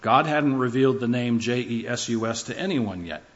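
A man's voice: medium pitch, moderate pace, highs cut off. A man preaching a sermon, building his points through rhythmic lists and shifts in emphasis. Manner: emphatic, rhythmic lists with rising and falling delivery.

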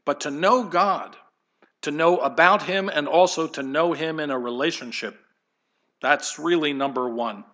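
A pastor preaches in church in a conversational, digressive style, addressing the congregation and the children directly. His voice is a little high and sharp, and he takes his time.

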